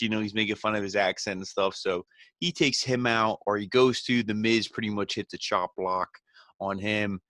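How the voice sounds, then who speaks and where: A man hosting a podcast, giving a relaxed, rambling, conversational recap of a wrestling show. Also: lowish voice, fairly quick, dry recording, clean studio sound. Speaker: podcast host.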